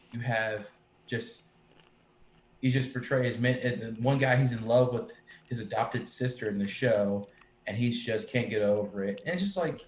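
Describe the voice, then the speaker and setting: A man chatting casually on a live stream, rambling and swearing, with many restarts. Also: mid-range voice. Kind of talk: casual chat. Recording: echoey room with faint ambient noise.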